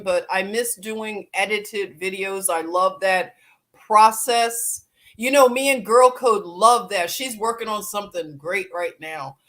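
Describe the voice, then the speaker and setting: A woman's voice: mid-range voice, fairly bright tone. A woman hosting a casual livestream, greeting viewers by name and laughing often as she chats. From Philadelphia. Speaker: livestream host.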